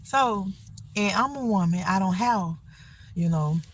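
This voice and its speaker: A woman's voice: mid-range voice, expressive, unhurried, a little hiss or hum. A middle-aged woman talking casually on a phone livestream, rambling earnestly about faith and getting by. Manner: rambling, faith-filled encouragement; plain-spoken, earnest.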